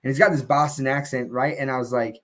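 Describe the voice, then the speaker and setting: A man's voice: mid-range voice, fairly even intonation, fast talker, a bit bright. A man on a live stream telling a long casual story, full of fillers and restarts, laughing now and then.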